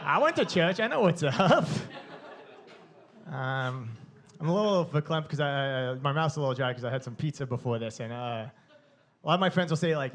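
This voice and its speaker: This stand-up comedian is a young man from Long Island whose voice runs fairly high. Moving at a moderate clip, he delivers a brash, animated routine full of swearing.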